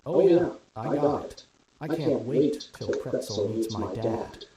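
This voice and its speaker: A man's voice: medium pitch, lively intonation, takes it slowly, dark tone. A man voicing an eager, chatty young male companion in a storybook reading. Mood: amused. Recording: very echoey room with crowd noise.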